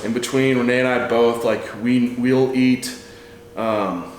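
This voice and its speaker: A man's voice: medium pitch, steady tone, slow, a little hiss or hum. Chatty man talking numbers in an echoey room. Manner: chatty, rambling, talks through numbers aloud. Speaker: nutrition coach. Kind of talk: casual vlog walkthrough.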